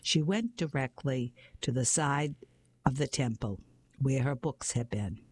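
A man reading a children's mystery story aloud in a steady storytelling way, sometimes going back to reread a phrase. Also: medium pitch, measured pace, husky. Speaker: narrator.

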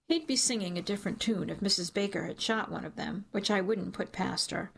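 A woman reading a first-person story aloud as an audiobook narrator, in a measured storytelling manner. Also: medium pitch, vocal fry, a bit bright, a little hiss or hum.

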